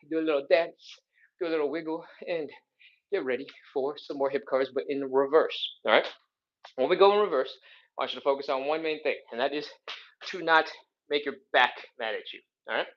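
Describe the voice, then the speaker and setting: Male stretch coach, upbeat and a bit winded, mid-high voice, muffled stream sound. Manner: upbeat, counting reps, joking asides. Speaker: flexibility instructor. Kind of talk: live follow-along workout coaching.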